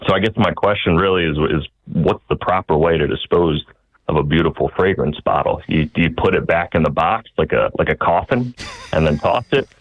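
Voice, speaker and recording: A man's voice: a bass voice, fairly quick. A man from the American South, calling in to a radio show with an earnest, hesitant question. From Southern United States. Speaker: caller. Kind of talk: phone-in question. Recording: muffled call-in line.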